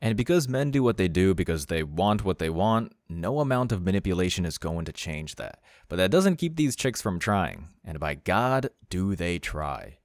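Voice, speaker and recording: A man's voice: low-pitched, sing-song, normal speed, few pauses, dry recording, clean studio sound. A man hosting a commentary channel, reading scripted narration in a blunt, mocking way.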